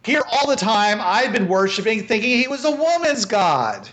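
A man doing a sharp-tongued peasant woman. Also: sits high, big pitch swings, moderate pace. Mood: sarcastic. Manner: sarcastic, archaic phrasing.

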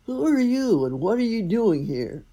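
A woman voicing a cross, slow-witted male giant who roars and blusters. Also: low-pitched, very animated, vocal fry, husky, full character voice. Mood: blustering. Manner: loud, blustering. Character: dim-witted, bad-tempered giant man.

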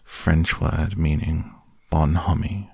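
A man's voice: very deep voice, fairly even intonation, takes it slowly, gravelly, husky, dry recording, clean studio sound, full character voice. A man voicing a gloomy, self-pitying old grey male donkey in a storybook reading.

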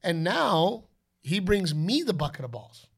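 A man with a notably high speaking voice tells stories in a casual podcast chat. He is animated and expressive, quick to break into playful shouted voices as he talks. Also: creaky, slightly rough. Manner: animated storyteller, slips into playful announcer shouts. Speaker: podcast co-host; father.

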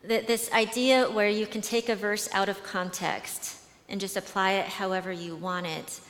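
Woman, conference speaker, chatty storyteller with frequent restarts, mid-pitched, booming hall. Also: steady tone, moderate pace, a bit bright. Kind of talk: conversational talk with storytelling. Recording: long hall reverb.

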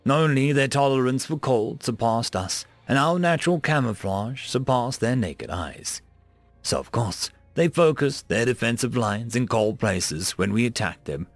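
Expressive male story narrator. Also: medium pitch, a little slow, no room sound, faint music behind. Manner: expressive reading that rises and falls. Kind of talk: reading sci-fi stories aloud.

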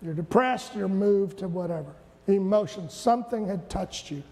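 An older man preaching a sermon, rising to shouted peaks and dropping into playful asides. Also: high-pitched, moderate pace, long reverb tail. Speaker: pastor. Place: church sanctuary.

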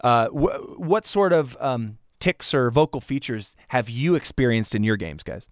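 A man in a casual podcast chat, talking haltingly with many restarts and fillers. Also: mid-range voice, expressive, no echo, studio quality. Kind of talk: casual chat about voicing game characters.

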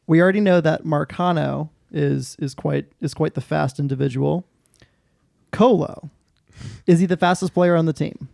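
A male co-host asks easygoing questions in a gravelly, mellow voice set a little high. The sound is dry and close. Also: normal speed, no room sound. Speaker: podcast co-host. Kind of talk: casual sports podcast chat.

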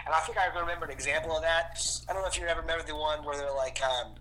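A quick-talking man in casual podcast chat, his voice bright and forward. He rambles through memories, leaning on fillers and restarts. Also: on the high side, steady tone, slight background noise, poor audio. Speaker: podcast co-host.

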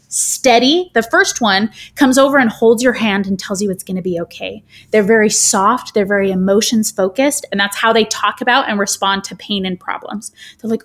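Woman guest, fairly high voice, lively and theatrical, breaks into little character voices while explaining. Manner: animated, theatrical, does voices when quoting. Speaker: guest speaker. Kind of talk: podcast interview, explaining a framework.

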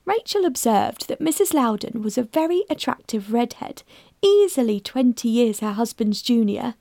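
A woman narrating a mystery story in a steady, measured reading voice. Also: a little high, gravelly, dry recording, clean studio sound. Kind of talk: scripted narration.

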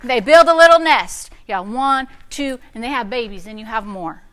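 A woman pastor preaching a lively sermon, repeating declarations aloud and directing a live demonstration in a church. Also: on the high side, moderate pace, smooth. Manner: animated, calls out and repeats declarations.

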